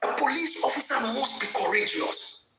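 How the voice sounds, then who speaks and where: A woman's voice: high-pitched, lively intonation, normal speed, vocal fry. A middle-aged woman giving a fiery commentary and repeating her points for force. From Lagos, Nigeria. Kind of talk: opinionated commentary monologue. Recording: very echoey room with faint music.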